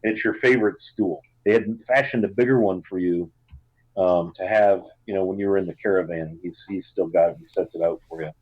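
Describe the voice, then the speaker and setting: Guy gm narrating a campaign, lowish voice, um-heavy, kinda muffled audio. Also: steady tone, a little fast, husky, no room sound. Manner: loose, filler-heavy description. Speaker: game master. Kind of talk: narrating a tabletop game. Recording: dull lo-fi sound.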